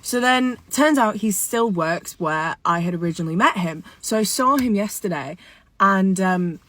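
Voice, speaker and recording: A woman's voice: medium pitch, expressive, normal speed, a bit bright. A woman telling a dating story in a casual phone video, exasperated and sarcastic.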